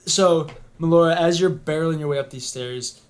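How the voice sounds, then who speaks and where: A man runs a tabletop game as game master and narrates the scene in a loose, rambling way, full of ums and uhs. His voice sits a little high. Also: normal speed.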